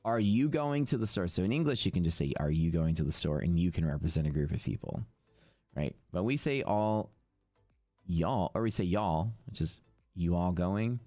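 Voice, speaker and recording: A man's voice: low-pitched, lively intonation, moderate pace, mellow, no room sound, faint music behind. A man with a Texas accent chatting casually on a live trading stream, rambling and reading viewer comments aloud. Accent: Texan.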